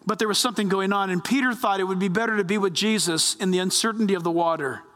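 A man preaching a sermon as pastor, animated and acting out quoted voices. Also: sits high, fast talker, in a large hall.

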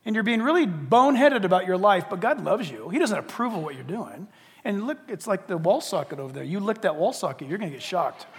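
Animated older man preaching, high voice. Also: fairly quick. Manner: animated, swings from hushed to shouting. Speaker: pastor. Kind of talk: sermon. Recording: long hall reverb.

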